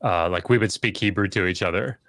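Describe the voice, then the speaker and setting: A middle-aged man with a low voice tells a long story in casual conversation, with many fillers and restarts. He gets livelier when he acts out what others said. The recording is dry and close, with no room sound. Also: fairly quick, fairly bright tone, no echo. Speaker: podcast guest, scholar.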